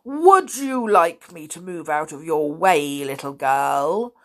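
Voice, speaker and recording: A woman reading a story aloud, voicing a big, angry, bullying woman with a loud, snarling, menacing delivery. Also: low-pitched, expressive, slow pace, full character voice.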